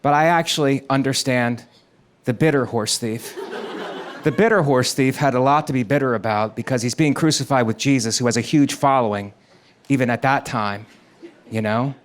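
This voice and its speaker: A man's voice: medium pitch, moderate pace. A man performing a stand-up comedy set, telling stories and acting out quoted characters in a conversational delivery. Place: comedy stage before a laughing audience. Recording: live stage recording with audience noise.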